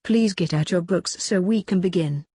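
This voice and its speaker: A woman voicing an old bald male math teacher, cheerful yet strict, in a low, husky voice for an amateur audiobook. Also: normal speed, warm tone, no room sound, clean studio sound.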